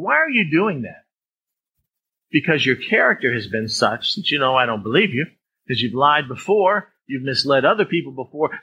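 Male pastor, conversational sermon, bright forceful tone, slightly higher voice, faint background hum. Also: breathy edge, rough recording. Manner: conversational, acts out swearing speakers in a raised voice.

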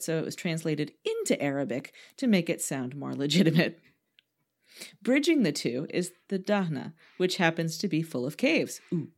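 A woman hosts a podcast, reading her script with playful, self-mocking jokes. Her voice sits on the low side, and her intonation swings widely and animatedly. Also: darkish tone. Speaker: podcast co-host. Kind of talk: reading a script with joking asides.

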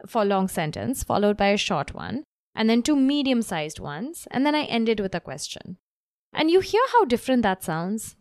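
A woman's voice: mid-range voice, dry recording, studio quality. A woman copy coach teaching writing tips in a spoken lesson, reading example copy aloud with expression. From grew up in Bombay, India. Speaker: copy coach and podcast host.

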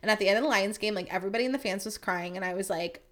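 Woman, casual podcast chat, filler-heavy, animated, gossipy rant energy. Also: medium pitch, very fast. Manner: chatty, filler-heavy "like" talk; animated, swings between excited and exasperated.

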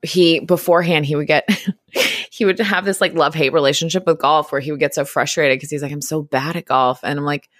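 A woman in her thirties with a low voice talks casually as a podcast guest. She fills her talk with "like" and slips into quoted voices to make her points. The sound is dry and close. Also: fairly even intonation, fairly quick, dry recording. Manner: chatty, lots of "like", acts out quotes.

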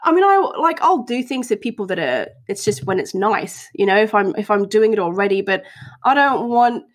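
A young woman co-hosting a casual podcast chat, talking in quick loose bursts full of "like" and restarts, and laughing often. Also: medium pitch, lively intonation. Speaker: podcast co-host.

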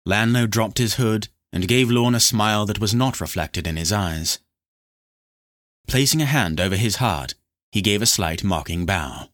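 A man narrating a fantasy novel in a steady, scripted storytelling read. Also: on the low side, normal speed, no echo, studio quality. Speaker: audiobook narrator.

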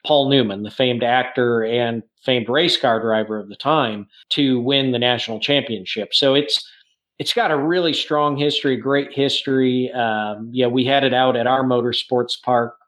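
A man's voice: medium pitch, fairly even intonation, moderate pace, fairly bright tone. A man co-hosting a podcast, explaining things in detail in a casual, informative way, with frequent small restarts. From Northern United States. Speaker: podcast co-host, car museum expert.

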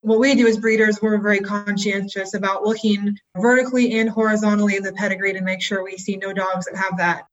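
A woman dog breeder giving measured, informative answers. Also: medium pitch, little pitch movement, muffled recording. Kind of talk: interview answers.

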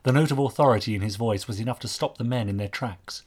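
A man narrating a mystery story with an expressive, varied delivery. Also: medium pitch, fast talker, husky. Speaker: audiobook narrator.

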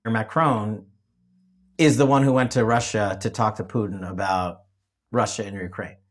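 Emphatic male show host, low and husky, political talk. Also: steady tone, moderate pace. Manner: emphatic, repeats himself when restarting. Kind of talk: political discussion.

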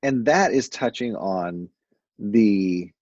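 A man in casual conversation, analyzing a comedy routine in a thoughtful, measured way. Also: on the low side, animated, a little mellow, no room sound. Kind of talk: casual chat. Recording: dull lo-fi mic, dry.

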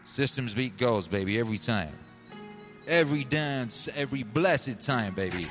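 Slangy, animated male stream host. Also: on the low side, moderate pace, over music. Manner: animated, slangy, keeps calling listeners "baby". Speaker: livestream music host. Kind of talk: rambling comic storytelling.

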